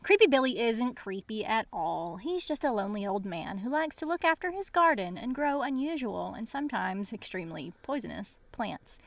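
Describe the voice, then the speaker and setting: A woman's voice: fairly high pitch, sing-song, normal speed, vocal fry, few pauses, no echo. A woman co-hosting a podcast, casually recapping a novel's plot with playful asides. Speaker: podcast co-host. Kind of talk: casual book discussion chat.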